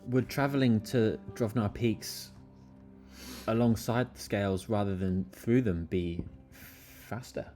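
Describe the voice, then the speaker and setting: A man's voice: on the low side, takes it slowly, warm tone, faint music behind. A man taking part as a player in casual tabletop game talk, easygoing and questioning.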